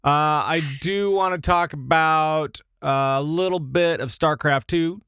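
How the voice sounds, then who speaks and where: A man hosting a casual gaming news podcast, upbeat and quick with short acknowledgments. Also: on the high side, fairly bright tone, clear, resonant tone, no room sound, studio quality. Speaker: podcast host.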